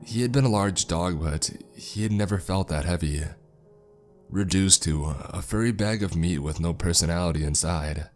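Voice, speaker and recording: Deep-voiced man narrating horror. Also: moderate pace. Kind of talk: scripted first-person horror narration. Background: faint background music.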